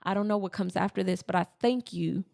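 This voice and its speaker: A woman in her thirties co-hosting a casual spiritual podcast, telling personal stories earnestly in quick bursts. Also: mid-range voice, creaky, darkish tone. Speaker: podcast co-host.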